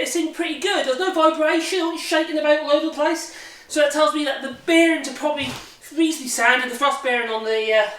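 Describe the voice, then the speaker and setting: A man's voice: very high-pitched, sharp tone. A man chatting casually in a home workshop vlog, rambling and correcting himself as he talks through a machine. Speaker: hobby woodworker showing a machine. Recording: echoey room, distant mic, noisy background.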